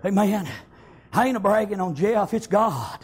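A testimony sermon comes from a man whose voice sits very high with a husky edge and lively intonation, at normal speed. His storytelling is fervent and folksy, studded with "amen," and it swells into shouted praise.

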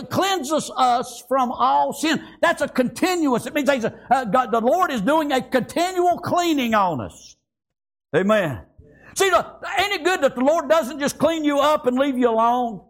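A middle-aged man preaching a sermon in a folksy rural way, calling out to the congregation and dropping into quiet storytelling. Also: very high voice, lively intonation, normal speed. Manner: folksy, rural speech, frequent call-outs and "praise God"; swings between shouting and hushed storytelling. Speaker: pastor.

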